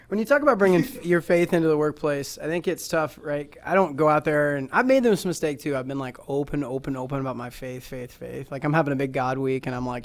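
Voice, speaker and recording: Man, podcast host, casual chat, higher-pitched, loose rambling delivery, easy laughter. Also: a little fast. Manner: loose and chatty, heavy on "like" fillers; laughs easily while talking.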